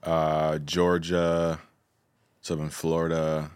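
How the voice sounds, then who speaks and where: Deep deadpan man, dry close sound. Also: slow, clean tone, dry recording. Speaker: podcast co-host. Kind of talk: casual chat.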